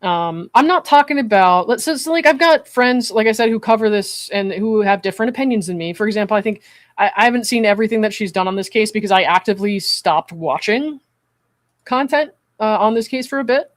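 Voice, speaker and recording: A psychiatric evaluator on a commentary stream talks in a measured, earnest, mid-pitched voice, pausing often to check in with whoever's listening. Recorded close and dry with no room sound, they steadily switch between reading from a transcript and giving their view.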